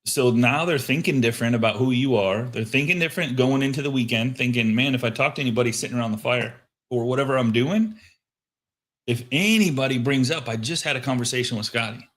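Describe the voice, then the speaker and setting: A man hosting a live show, coaching listeners on sales outreach and telling lively stories of his phone calls. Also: medium pitch, fast. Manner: animated storyteller acting out phone calls. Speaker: host. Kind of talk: casual coaching talk. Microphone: headset microphone.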